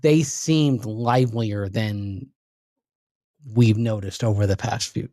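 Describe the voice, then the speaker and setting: A man's voice: lowish voice, slow pace, warm tone, no room sound, studio quality. A man co-hosting a sports radio show, breaking down the team in an analytical, emphatic way. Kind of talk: casual sports talk.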